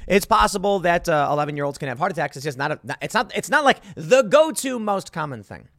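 A man's voice: on the high side, big pitch swings, quick pace, vocal fry, fairly bright tone, no echo, studio quality. A man in his thirties hosting a commentary show, talking in a sarcastic, exasperated, rambling way with frequent restarts. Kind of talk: opinion commentary monologue.

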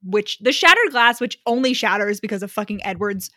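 A woman co-hosting a podcast, retelling a story in a profane, animated way with frequent laughs. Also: mid-range voice, a little fast, no room sound, clean studio sound. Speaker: podcast co-host. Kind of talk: casual chat.

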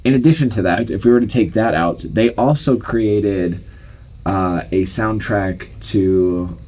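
A man's voice: fairly low pitch, measured pace, warm tone. A man co-hosting a casual podcast debate, laughing often and rambling with restarts. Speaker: podcast co-host.

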